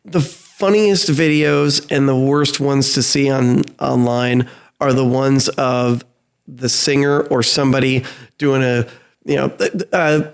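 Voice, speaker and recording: A man co-hosting a podcast, a musician chatting casually and quickly agreeing and chiming in. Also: medium pitch, steady tone, vocal fry, smooth.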